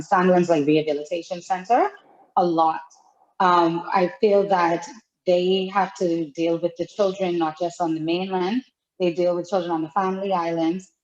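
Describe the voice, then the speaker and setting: A woman's voice: on the low side, lo-fi sound. A woman from a children's home speaking on a panel in an earnest, direct way. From Bahamas. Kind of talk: panel discussion.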